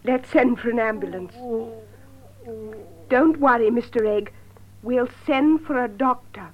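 An actress playing an anxious young woman, speaking clearly and slowly for learners, on a dull lo-fi tape. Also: a little high, natural voice. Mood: tense. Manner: clear, slow learner-friendly delivery.

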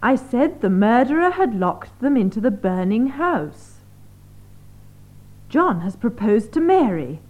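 A woman reading example sentences for an English grammar drill, clear and deliberate. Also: a little high, sing-song, phone-quality sound. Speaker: exercise reader.

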